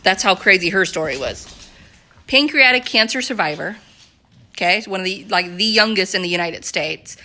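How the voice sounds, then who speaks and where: A young woman talking casually to her viewers in an excitable, chatty way, full of "like" and "you guys". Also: mid-range voice, normal speed. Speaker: network marketing vlogger. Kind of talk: casual direct-to-camera pitch.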